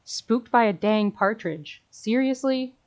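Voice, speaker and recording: A woman's voice: on the high side, slow, a little mellow. A woman voicing a drowsy young lost boy who mutters and grumbles sleepily.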